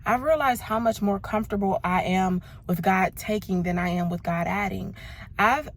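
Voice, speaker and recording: A woman's voice: lowish voice, vocal fry. A woman in her thirties from Los Angeles, talking casually and emphatically about her faith and her year, calling listeners "baby" and "y'all". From Los Angeles, United States. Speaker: vlogger.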